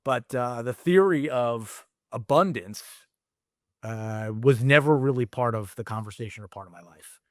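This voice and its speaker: A middle-aged man speaking as a guest on a candid interview show. His talk is casual and rambling, with frequent fillers and the odd swear word. His voice sits in a middle pitch, recorded dry and close. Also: normal speed, no room sound. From United States. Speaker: guest entrepreneur.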